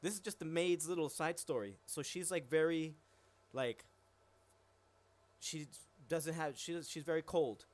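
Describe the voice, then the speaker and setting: A man talking casually on a live stream, his voice sitting a little high for a man. He rambles with plenty of swearing and filler words. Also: unhurried, pauses often. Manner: rambling, profane, frequent "yo" and "like". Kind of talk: casual chat.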